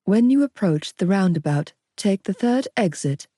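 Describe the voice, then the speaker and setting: A woman voicing a car sat-nav, giving directions in a flat, mechanical way, in an audiobook. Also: medium pitch, moderate pace, dry recording, studio quality, close to an everyday voice. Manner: flat robotic instructions.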